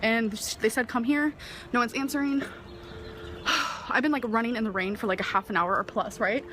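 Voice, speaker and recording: A woman's voice: on the high side, fairly even intonation, moderate pace, fairly bright tone, slight background noise. A woman vlogging her day, talking anxiously about her nerves and worries. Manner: nervous, anxious, self-pitying. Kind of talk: vlog diary.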